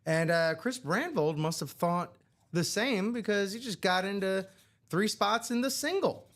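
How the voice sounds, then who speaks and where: A man's voice: high voice, a little slow, fairly bright tone. A man co-hosting a live card-break stream, playful and joking. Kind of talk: casual live-stream chat.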